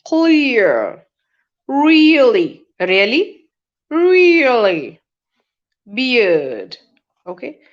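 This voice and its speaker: A woman leads an online pronunciation lesson at a very slow, deliberate pace. She says each example word several times over. The webinar audio is dull and lo-fi. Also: a little high, big pitch swings. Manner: slow, drawn-out word drills with repeated examples. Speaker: pronunciation teacher.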